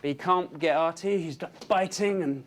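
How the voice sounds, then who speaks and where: A man pitching storyboards, narrating the action vividly and adding his own sound effects. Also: moderate pace, slight background noise.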